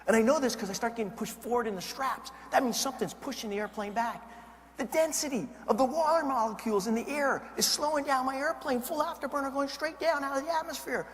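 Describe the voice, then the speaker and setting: A fast-talking man with a high, bright voice tells a story to a crowd, building the excitement with dramatic swings. His voice rolls out with long reverb in a large hall, over a faint background hiss. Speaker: motivational speaker. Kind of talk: keynote storytelling.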